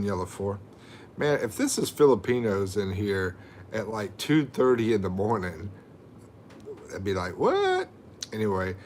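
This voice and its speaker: A man's voice: on the low side, a little hiss or hum. A middle-aged man, chatting casually on a livestream and reading viewer comments aloud with jokes. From USA. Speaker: livestream host.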